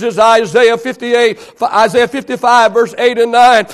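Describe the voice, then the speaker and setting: Man, 50s, pastor, sermon, very high pitch, dramatic loud and soft delivery. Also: fairly even intonation, measured pace, few pauses, clear, resonant tone. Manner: dramatic preaching, swings from loud declarations to hushed whispers. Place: church.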